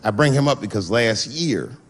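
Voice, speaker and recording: A man doing a stand-up comedy routine, telling loose, profane stories with sudden swings in pitch. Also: animated, moderate pace. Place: stage before a live audience.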